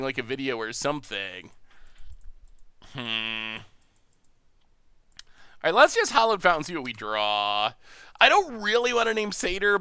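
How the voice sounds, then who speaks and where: A man with an upstate New York accent talks through his game on a live stream, chatty and quick to laugh. His voice sits high and swings widely in pitch. The sound is smooth and dry, close to the mic. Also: bright, forceful tone, no echo. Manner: chatty, thinks aloud, laughs often. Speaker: stream host. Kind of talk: live-stream gameplay commentary.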